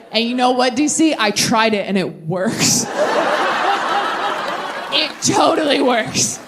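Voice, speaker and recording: A young woman doing a stand-up set at a live venue, chatting with the crowd in a lively, self-mocking way with quick tangents. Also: a little high, very noisy. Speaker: stand-up comedian. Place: live comedy venue before a large audience.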